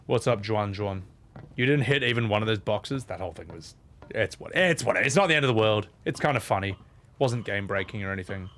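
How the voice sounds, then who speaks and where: A man streaming a video game, swearing and ranting at the controls, then mumbling softly to chat. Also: on the low side, a little hiss or hum. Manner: swears a lot, rants loudly at the game, then drops to soft mumbles. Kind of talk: live gameplay commentary.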